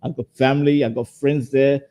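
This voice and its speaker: Stumbling man with a mellow voice. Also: mid-range voice, little pitch movement, brisk. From Somalia. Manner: stumbling, repeats words when flustered. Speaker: panel guest. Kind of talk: casual livestream chat.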